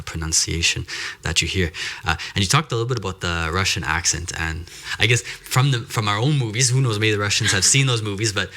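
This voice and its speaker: Man, podcast host, very low voice, bright tone, relaxed, casual interview chat. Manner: relaxed, frequent affirming "mm-hmm".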